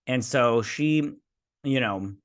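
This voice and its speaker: A man casually recapping and reviewing an episode. He rambles through the plot in a loose play-by-play and throws in mouth sound effects. His voice sits at a plain middle pitch. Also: takes it slowly. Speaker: host.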